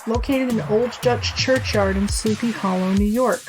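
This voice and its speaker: A woman co-hosting a podcast in casual chat, animated and swearing freely as she acts out quotes. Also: a little high, moderate pace, music in the background. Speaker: podcast co-host.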